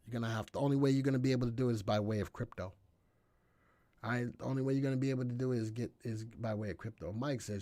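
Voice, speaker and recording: A man's voice: mid-range voice, quick pace, no room sound. Chatty man hosting a live stock show. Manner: chatty and energetic, often checking in with "all right?". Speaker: stock market show host. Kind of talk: live stock analysis stream, reading viewer comments.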